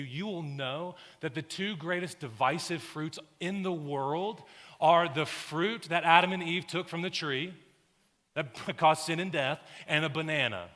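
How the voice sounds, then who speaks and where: Bright-voiced pastor in a big echoing church. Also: male voice, a little high. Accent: Southern American. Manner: storytelling, swings from hushed to loud animated bursts. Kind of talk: sermon. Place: large church sanctuary. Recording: long hall reverb.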